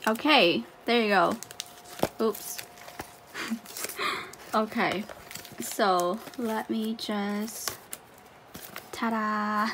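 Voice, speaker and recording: A woman's voice: mid-range voice, fairly even intonation, extremely slow, long pauses, very noisy. A woman talking casually while unboxing a haul for her channel, gushing with exclamations and fillers. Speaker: YouTuber unboxing a photocard haul.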